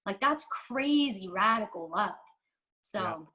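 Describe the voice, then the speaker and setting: A woman guest on a podcast, speaking in a heartfelt, emphatic way. She rambles, restarts and stresses her words as she talks openly in an interview. Her pitch sits in an ordinary middle range for a woman. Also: expressive, slow, pushed and bright, rough recording. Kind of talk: candid interview talk.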